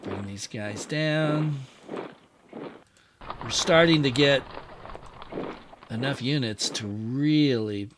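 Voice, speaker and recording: Male host, unhurried game commentary, mid-pitched voice, addresses his units while thinking aloud. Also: background noise. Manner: musing, talks to his units as he moves them. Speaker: wargame channel host. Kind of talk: casual strategy game play-through commentary.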